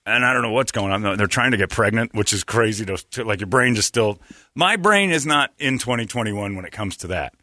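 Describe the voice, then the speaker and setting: Male podcast host, bright animated delivery, dry close sound, slips into mocking voices. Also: lowish voice, fairly quick, no room sound. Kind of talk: casual chat.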